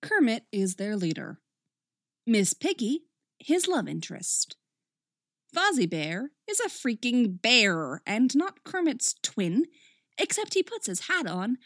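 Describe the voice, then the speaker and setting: A woman reading a story aloud with expressive, wry narration, recorded close up. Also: on the high side, a little slow, no echo.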